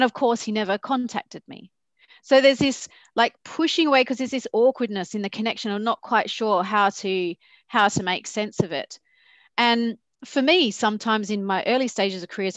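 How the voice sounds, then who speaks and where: A woman on a panel talks with candor and reflection, moving through personal stories from her working life. Her mid-pitched voice is dry and close to the mic. She often slips into acting out what other people said. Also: no echo. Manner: candid, reflective, acts out quoted dialogue. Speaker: company founder and panelist.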